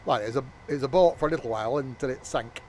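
A man's voice: mid-range voice, racing, a little mellow. Man, jokey game streamer, rambling, mutters to himself, faint train hum behind. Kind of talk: casual gameplay commentary.

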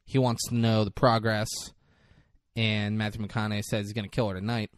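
A man's voice: on the low side, little pitch movement, brisk, dry recording, clean studio sound. A man co-hosting a casual podcast, recapping a film plot in a profane, rambling storytelling way. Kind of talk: casual chat.

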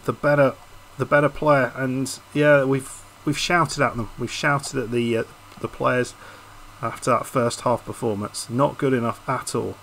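Man, gravelly voice, casual game commentary, frustrated, hesitant, faint hiss. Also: medium pitch, fairly even intonation, a little slow, a bit bright, poor audio. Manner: frustrated, hesitant, restarts his sentences. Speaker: YouTube gaming host. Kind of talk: casual commentary over a football management game.

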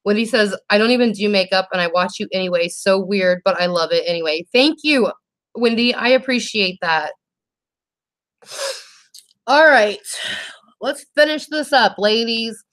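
A young woman hosting a casual makeup livestream, reading viewer comments aloud and talking in a warm, teary, laughing way. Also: mid-range voice, normal speed, pauses often. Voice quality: emotional, teary and laughing, says y'all.

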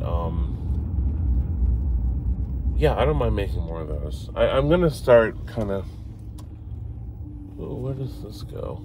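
A middle-aged man chatting on a live stream while driving through city streets, rambling and halting as he reads viewer comments aloud. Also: lowish voice. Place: inside a car in city streets. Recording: noisy car with road sound behind.

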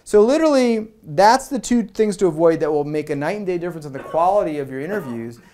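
A man giving a presentation at a meetup. He talks to the audience in a conversational, energetic way and acts out quoted lines. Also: a little high, fast talker, a little hiss or hum. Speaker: product management speaker.

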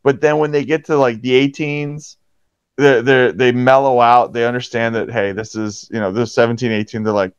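In dry, slightly dull podcast audio with no room sound, a man from around Pittsburgh who referees hockey tells stories at a normal speed in a clean tone, animatedly voicing players' quotes with jumps in pitch.

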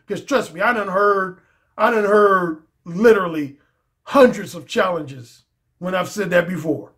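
A man's voice: high-pitched, measured pace, a bit bright. A man speaking as a dating coach in a casual video monologue, emphatic and slangy, often repeating his key phrases.

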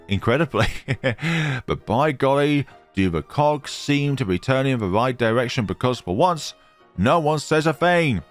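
A man hosting a let's play, reading a horror visual novel aloud and breaking off for joking asides. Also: on the low side. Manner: lively, jumping between reading and joking asides. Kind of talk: dramatic story reading with asides.

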